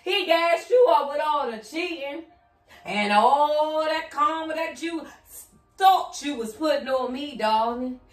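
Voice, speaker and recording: A woman's voice: high voice, animated, slow pace, soft background music. A woman giving a casual tarot reading, blunt and profane, who often slips into sing-song chanting. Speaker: tarot reader. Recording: roomy echo, set back from the mic.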